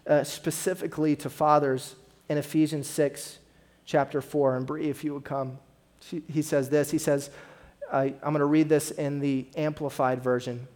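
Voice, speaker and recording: A man's voice: a little high, a little mellow. Earnest male pastor preaching. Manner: earnest preaching, direct questions to the congregation. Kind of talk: sermon. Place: church.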